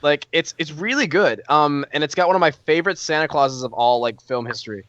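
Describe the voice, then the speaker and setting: A man's voice: a little high, fairly quick, fairly bright tone, no echo, dull audio. A man co-hosting a podcast, telling a story eagerly with lots of fillers. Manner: enthusiastic, filler-heavy storytelling. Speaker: podcast co-host. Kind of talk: casual chat.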